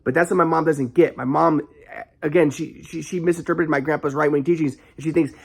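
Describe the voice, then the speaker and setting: A man talks straight through a rambling vlog monologue, stopping and restarting often. His voice sits a bit high and carries a gravelly fry. Sometimes heat flares into it. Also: steady tone. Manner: rambling, halting, frequent restarts; flares into anger.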